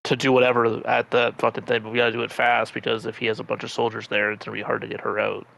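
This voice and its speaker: A man's voice: medium pitch, completely flat delivery, fast, creaky, a bit bright, poor audio. A man playing in a tabletop game, planning bluntly and swearing casually. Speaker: player.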